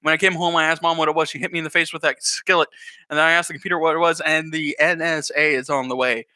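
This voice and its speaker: A man voicing a hapless teenage boy who rambles quickly through his woes. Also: on the high side, level tone, pushed and bright, no room sound. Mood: rambling.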